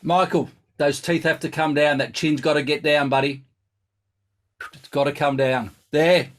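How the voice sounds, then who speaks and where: Sex: man. Pitch: a little higher than most men. Role: brass teacher, live online lesson. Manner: chatty and instructive. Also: fairly even intonation, measured pace. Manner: chatty, instructive, thinks aloud.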